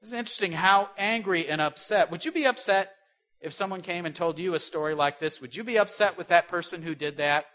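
A man preaching a sermon who asks rhetorical questions and swings between loud stresses and soft asides. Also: sits high, fairly quick.

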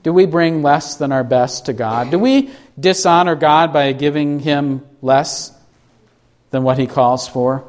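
His voice sits on the high side as the pastor gives an expository sermon. Scripture is read at a slow, emphatic pace, and rhetorical questions are directed at the congregation.

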